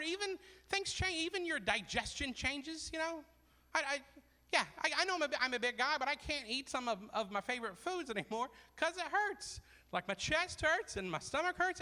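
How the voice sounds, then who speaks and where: Guy in his 40s doing standup, high bouncy voice, bright tone, echoey hall. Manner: self-deprecating, rambling asides. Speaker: comedian hosting a charity fundraiser. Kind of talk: stand-up comedy.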